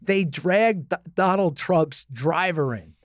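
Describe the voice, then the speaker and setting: A man with a notably high voice co-hosts a casual talk show. He tells long stories, stumbling over restarts and voicing the people he quotes. The sound is close and dry. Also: slow, no echo. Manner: storytelling with many restarts, acting out quoted people. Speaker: podcast co-host. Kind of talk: casual political chat.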